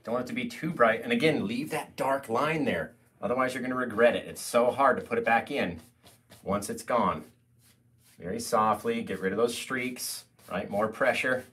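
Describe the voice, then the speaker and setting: A young man teaching a live painting tutorial, mostly soft and gentle, with sudden playful loud bursts. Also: mid-range voice, normal speed. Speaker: painting instructor.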